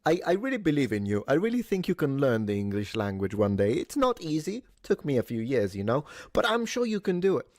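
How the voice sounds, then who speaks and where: A man's voice: mid-range voice, sing-song, fairly quick, hardly any pauses, a little mellow, no echo, clean studio sound. A man giving casual commentary in a mocking, lecturing way.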